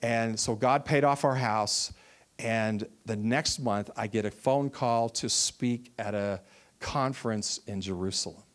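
A man's voice: on the low side, unhurried. Man preaching a heartfelt testimony. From Texas. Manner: storytelling, animated, acts out quoted voices. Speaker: minister. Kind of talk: testimony sermon.

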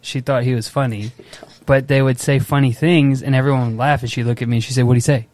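A young man on a casual podcast, an emotional, animated storyteller who acts out his little daughter's lines. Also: mid-range voice, fast talker, slight background noise. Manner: emotional, tears up easily. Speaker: podcast co-host. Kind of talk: casual chat.

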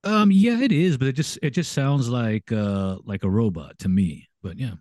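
A man's voice: medium pitch, animated, moderate pace, a little mellow, dry recording. A man co-hosting a podcast over a video call, chatting easily over beers and often stammering as he starts a thought. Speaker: podcast co-host. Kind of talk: casual chat over beers.

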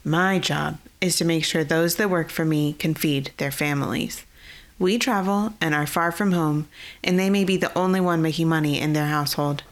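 Storybook half-orc foreman, proud and stern, low voice, read by a woman. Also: lightly acted.

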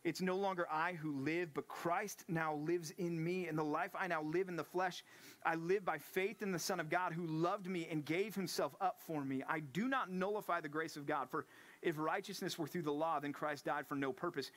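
A male pastor, preaching a sermon and acting out the lines of biblical figures with lively energy. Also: on the high side, moderate pace. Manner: animated, acts out quotes of the disciples and Paul.

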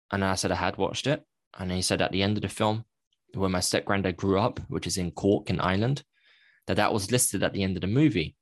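A man's voice: low voice, dry recording. A man, a podcast guest, candidly recounting a personal story in a reflective way, often correcting himself mid-sentence.

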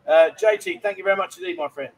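A man's voice: sits high, fast, poor audio. A man hosting a live stream from a bar, bantering cheekily with guests. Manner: cheeky, bantering, loud asides. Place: busy bar.

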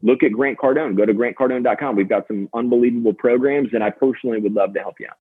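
A man guest in a casual interview, telling stories fast and energetically with many fillers. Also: mid-range voice, breathy edge. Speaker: podcast guest, sales manager. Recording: tinny phone-line sound.

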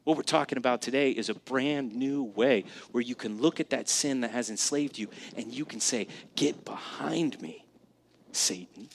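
A man's voice: mid-range voice, moderate pace, hardly any pauses, slight background noise. A man in his thirties preaching a sermon in church, conversational and emphatic, often asking the congregation questions. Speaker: pastor. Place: church sanctuary.

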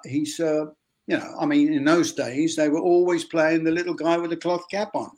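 An older man with an Australian accent, telling a lively anecdote at a convention and acting out the voices of others. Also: on the high side, normal speed. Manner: lively storyteller who acts out other people's voices. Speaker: actor telling a story. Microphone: video call.

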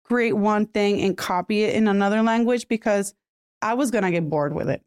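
A woman from Puerto Rico talking casually as a podcast guest, chatty and quick to laugh. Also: medium pitch, darkish tone, clear, resonant tone, no echo, studio quality. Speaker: podcast guest, bilingual content creator. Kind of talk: casual interview chat.

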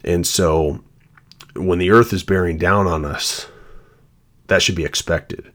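A man's voice: sits low, steady tone, slow pace, a bit bright. A man hosting a devotional podcast, speaking in an earnest, reflective way and sharing his own story. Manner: earnest and reflective, shares personal testimony. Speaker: podcast host.

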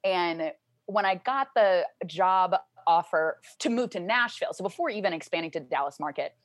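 A talkative young woman from Louisiana tells her stories in a lowish voice. The sound is close and dry, with no room around it. She jumps into high, excited voices whenever she plays her family. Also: normal speed, no room sound. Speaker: guest. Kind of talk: casual interview chat.

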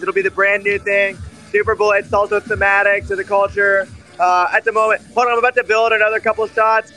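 A man's voice: high-pitched, little pitch movement, pushed and bright. A man hosting a casual live chat, joking and swearing. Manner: joking, swearing, talks in quick bursts. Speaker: host.

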